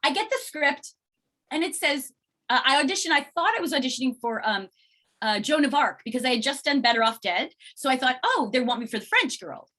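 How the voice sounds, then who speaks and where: A middle-aged actress chatting as an interview guest, telling stories in an animated way and acting out what people said. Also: female voice, high voice, brisk. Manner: animated storyteller acting out quoted exchanges. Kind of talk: casual interview chat.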